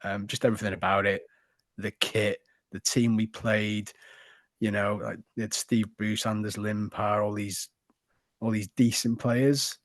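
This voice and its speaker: A man, co-hosting a football podcast and telling stories in an animated, cheeky, sweary way. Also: on the low side, unhurried, dry recording, clean studio sound. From Wrexham, Wales. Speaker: podcast co-host. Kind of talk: casual football podcast chat.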